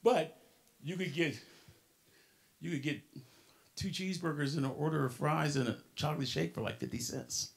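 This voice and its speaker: A man in his sixties giving a motivational keynote to young people, preaching to the crowd, calling out to them and swinging between soft and shouted lines. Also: fairly high pitch, normal speed, gravelly, long pauses. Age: 60s.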